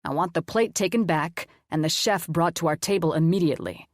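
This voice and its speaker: A woman's voice: lowish voice, brisk, no echo, studio quality, lightly acted. A woman voicing a commanding rich businessman. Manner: authoritative, clipped, demanding. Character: arrogant wealthy businessman, commanding.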